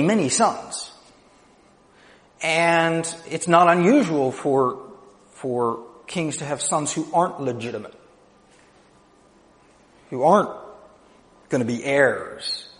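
Emphatic male pastor preaching in a hall. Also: a little high. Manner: emphatic, conversational preaching with rhetorical checks. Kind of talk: sermon. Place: church.

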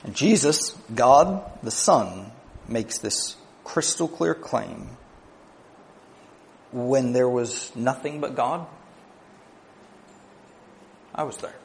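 A man preaching a sermon, moving between quiet, low asides and raised, emphatic declarations, with conversational "right?" asides. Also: expressive, extremely slow, vocal fry, long pauses, slight background noise.

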